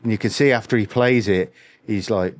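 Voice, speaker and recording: A man's voice: on the low side, a little fast, dry recording. A middle-aged man co-hosting a podcast, chatting in a laid-back way, swearing casually and often giving short agreeing replies. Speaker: podcast co-host. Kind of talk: casual chat about guitarists.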